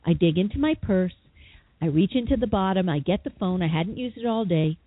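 A woman guest, a psychotherapist and author, telling a personal story with lively, dramatic quoted voices in an interview. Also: fairly low pitch, brisk, breathy edge, dry recording. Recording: tinny phone line.

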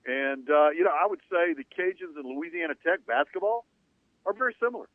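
A sports talk radio host, a man with a slightly raised pitch, drives his points home in an emphatic, punchy way. The sound is thin and narrow like a phone line, with no room around it. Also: lively intonation, fairly quick, no echo. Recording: narrow phone-like band, dry.

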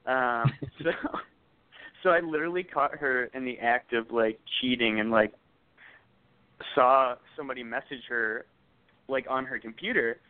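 A young man tells stories on a podcast, laughing through them and swearing freely. His voice is smooth and clear but sounds thin and phone-like, close and dry with no room sound. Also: medium pitch, unhurried, no room sound. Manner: laughing while telling stories, profane. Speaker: podcast co-host. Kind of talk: casual storytelling chat.

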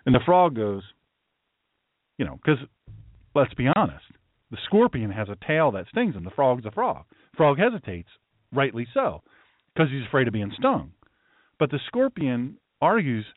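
Emphatic preacher-host on a tinny line. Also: male voice, medium pitch, wildly swooping pitch, unhurried, dry recording. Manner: emphatic, ranting, storytelling. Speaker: host, pastor. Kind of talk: political talk show monologue. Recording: tinny phone-like line, dry.

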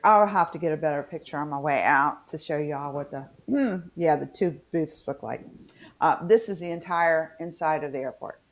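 A woman from West Virginia with a Southern Appalachian accent, chatting casually and rambling with lots of fillers on a video call podcast. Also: sits low. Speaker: podcast co-host. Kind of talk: casual chat.

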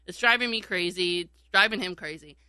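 A woman's voice: lowish voice, fairly quick, sharp tone, clear, resonant tone, dry recording. A woman telling a casual story in a chat, laughing often and acting out what people said. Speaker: radio show regular, former call screener.

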